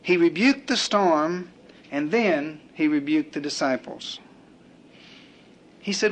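A man's voice: fairly high pitch, expressive, slow, long pauses. A man preaching a sermon, building his points through rhythmic repetition and acting out quoted prayers and complaints.

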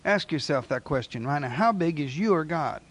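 A man's voice: fairly high pitch, expressive, normal speed. A man preaching a sermon, speaking emphatically and putting repeated rhetorical questions to his congregation.

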